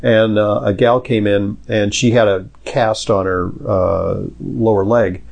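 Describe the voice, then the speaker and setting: A man's voice: on the low side, steady tone, a little slow, vocal fry, a little mellow. A middle-aged man, a doctor hosting a medical Q&A podcast, talking in a rambling, anecdotal way with lots of fillers.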